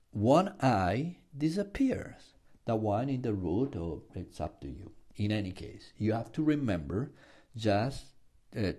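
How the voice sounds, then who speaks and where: Male teacher, low voice, unhurried lecture delivery with stressed examples. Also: a little mellow, breathy edge. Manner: slow and explanatory, stresses example words. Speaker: language teacher. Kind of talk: classroom lecture.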